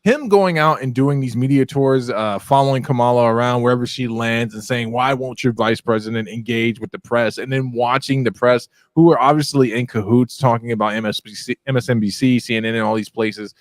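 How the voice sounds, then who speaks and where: A man's voice: medium pitch, brisk, few pauses, no echo, studio quality. Rambling conversational man host. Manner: conversational, rambling, laughs at own jokes. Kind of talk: casual political chat.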